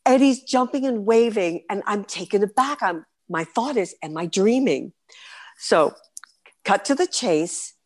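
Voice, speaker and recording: Woman, fifties, New York accent, lively storyteller, podcast guest. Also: mid-range voice, a little slow. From New York City. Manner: animated, vivid storyteller. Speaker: guest performer.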